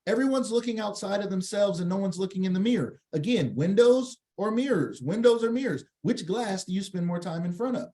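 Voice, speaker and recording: A man giving a live online training talk, lively and jokey, acting out little scenes in changing voices and asking his audience questions. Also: high voice, a little fast, hardly any pauses. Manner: engages the chat audience with questions. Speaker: workshop presenter.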